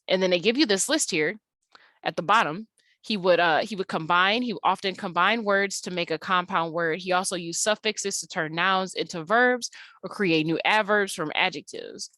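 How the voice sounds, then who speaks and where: A woman's voice: fairly low pitch, moderate pace, pushed and bright, no room sound. A woman teaching an English class in a recorded slide tutorial, explaining casually with lots of fillers and restarts.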